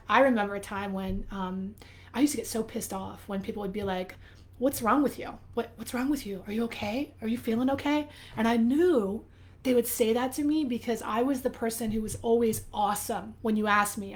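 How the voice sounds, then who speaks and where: Woman going live on her phone, chatty and frank, drops the odd swear, voice a bit worn. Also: mid-range voice. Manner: candid, animated, swears casually. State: slightly losing her voice. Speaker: life coach host. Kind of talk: live video talk to viewers. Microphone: phone or webcam, live stream.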